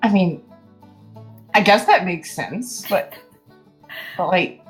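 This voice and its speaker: A woman's voice: lowish voice, lively intonation, slow. A timid young boy bard, put on by a woman, stammering through every answer. The voice rises and falls a lot, with faint music behind. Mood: hesitant. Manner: stammering, hesitant.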